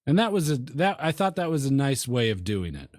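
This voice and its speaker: A man co-hosting a movie review podcast, retelling film scenes in a halting way with lots of ums and uhs. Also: mid-range voice, sing-song, no echo, clean studio sound. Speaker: podcast co-host. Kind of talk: casual movie review chat.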